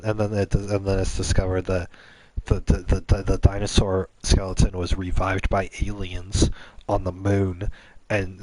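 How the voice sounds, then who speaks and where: Male gaming host, rambling improvised storytelling, low, dry voice. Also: a little mellow, dry recording, low-quality recording. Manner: rambling, many restarts.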